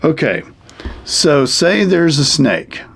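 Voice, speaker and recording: A man's voice: on the high side, big pitch swings, slow pace, gravelly, fairly bright tone, a little hiss or hum. A man teaching wilderness survival to kids, explaining in a rambling, folksy way with lots of fillers. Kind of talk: casual how-to demonstration for kids.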